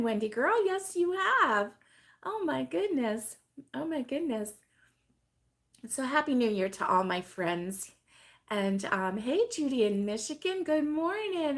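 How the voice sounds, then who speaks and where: A middle-aged woman hosting a casual crochet live stream, chatting with viewers by name and laughing often, her voice still hoarse from being sick. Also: on the high side. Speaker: crochet channel host.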